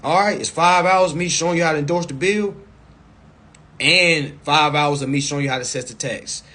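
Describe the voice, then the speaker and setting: A man coaching viewers in a casual live stream over a phone mic, blunt and profane, repeating himself and breaking into loud, emphatic bursts. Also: fairly high pitch, normal speed.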